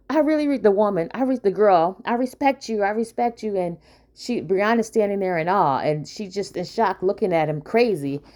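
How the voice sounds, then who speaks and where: A woman's voice: on the low side, a little mellow. A woman casually recapping a TV episode, chatty, with many fillers and asides to her viewers.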